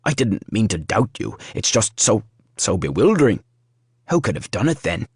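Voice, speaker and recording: Man playing a flustered steward, hasty, babbling, low voice, dry. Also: very animated, normal speed, slightly rough, no room sound, full character voice. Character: flustered, nervous male seneschal.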